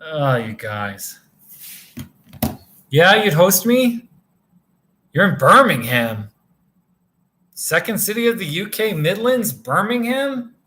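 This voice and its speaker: Animated, tired man chatting on a livestream. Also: sits high, takes it slowly, pauses often, slight background noise. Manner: rambling and animated, chatting to viewers by name. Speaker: livestream host reading viewer chat. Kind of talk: casual livestream chat. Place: motel room.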